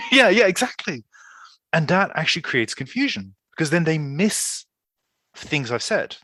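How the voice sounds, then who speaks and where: A man's voice: fairly high pitch, big pitch swings, a little slow, sharp tone, no room sound. A man from Ireland, hosting a casual interview and talking thoughtfully with frequent hesitant restarts. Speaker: podcast host. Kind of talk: casual conversation.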